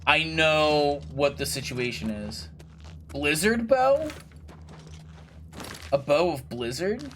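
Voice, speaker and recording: A man's voice: fairly high pitch, a little slow, bright, forceful tone, slight background noise. A young man casually commentating his gameplay, chatty and jokey, swearing freely and talking to himself and the game characters. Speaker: gaming video creator.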